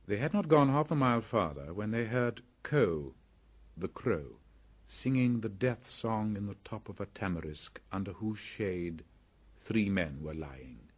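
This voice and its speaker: A man reading a classic story aloud as an audiobook narrator, in slow, deliberate storytelling. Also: lowish voice.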